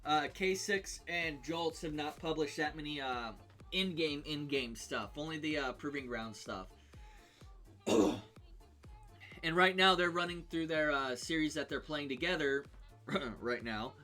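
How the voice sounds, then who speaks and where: A man on a live game stream walks through a character build in a loose, unscripted way, pausing on ums and restarting his sentences. His voice sits a bit high and sounds bright and forward, with faint music playing underneath. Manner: thinking aloud with many ums and restarts. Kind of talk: casual game build talk.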